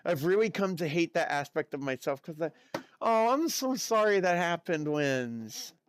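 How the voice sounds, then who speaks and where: A man streaming live, chatting casually and reacting excitedly to chat messages. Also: a little high, normal speed, slight background noise. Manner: chatty, excitable, lots of fillers and exclamations.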